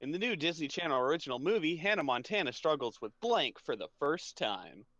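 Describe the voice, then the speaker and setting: A man reading a game card aloud in a flat, drawn-out way. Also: a little high, dry recording. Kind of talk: casual game chat. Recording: lo-fi mic with chatter behind.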